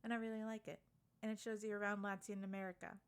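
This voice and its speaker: A woman co-hosting a casual podcast chat, telling animated stories, swearing when annoyed and laughing often. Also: mid-range voice, fast talker, smooth. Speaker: podcast co-host.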